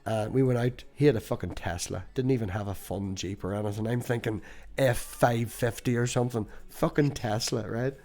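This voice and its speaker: A man's voice: mid-range voice, normal speed, darkish tone. Irish man telling stories on a podcast. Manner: storytelling, swears freely, laughs easily. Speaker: podcast host. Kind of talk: casual chat.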